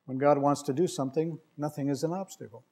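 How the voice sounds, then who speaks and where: A man's voice: fairly high pitch, fairly even intonation, fast, dark tone. A male preacher delivering a sermon, telling stories with dry humor and reading scripture with emphasis. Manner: wry, conversational storytelling with emphatic scripture reading.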